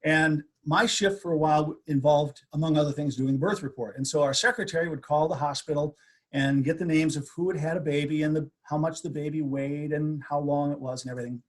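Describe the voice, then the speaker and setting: A man in his sixties, a radio host, telling lively stories from his career in an interview. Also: a little high, brisk. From USA. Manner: animated anecdote teller. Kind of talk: storytelling interview.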